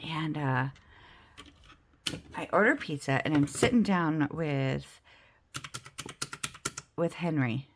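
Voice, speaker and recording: A woman vlogging at home, telling a self-mocking story in a chatty, animated way while playing a game. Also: deep voice, slow pace, long pauses, slight background noise. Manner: chatty, self-mocking, animated storyteller who acts out the other people's lines. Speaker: budget and game-night vlogger.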